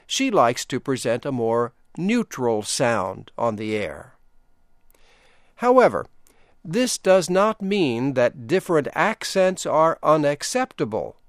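An older man from Delaware with an Eastern Shore accent, reading a scripted radio program in a slow, deliberate way. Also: mid-range voice, dry recording, studio quality. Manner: deliberate, measured delivery with lively intonation. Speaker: radio announcer.

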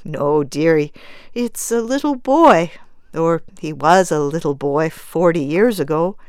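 A woman reading aloud, voicing a kindly gray-haired old woman who speaks warmly and calls others dearie. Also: sits low, animated, unhurried, clean tone, dry recording, clean studio sound.

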